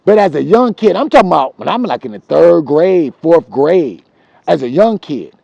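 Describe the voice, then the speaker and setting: Guy spinning old neighborhood stories, gravelly and high-ish voice, swings up and down a lot, dry close sound. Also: normal speed, dry recording, lo-fi sound. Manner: animated, profane, repeats himself for emphasis. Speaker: storyteller. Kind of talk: casual street storytelling.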